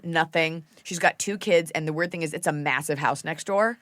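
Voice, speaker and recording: A woman podcast host in casual chat, telling animated stories, acting out quotes and swearing freely. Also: low-pitched, normal speed, hardly any pauses, dry recording, clean studio sound.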